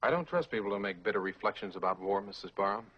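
An actor playing a cynical wartime officer who argues in a cutting, measured way, heard from an old film soundtrack. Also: male voice, on the low side, expressive, husky, muffled recording. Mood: bitter, earnest. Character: bitter, cynical wartime American officer, man. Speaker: film character. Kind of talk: 1960s film drama.

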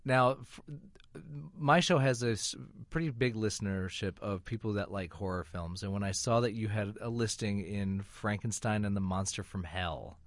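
A man's voice: lowish voice, normal speed, no room sound. An American man hosting a radio interview, asking eager questions with frequent stumbles. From United States. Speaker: radio host.

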